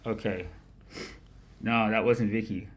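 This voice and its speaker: Man, nasal voice, low-ish pitch, rambling livestream host, swears a lot, loud laughs. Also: fairly even intonation, takes it slowly. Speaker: livestream host of a market analysis show. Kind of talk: casual profane chat.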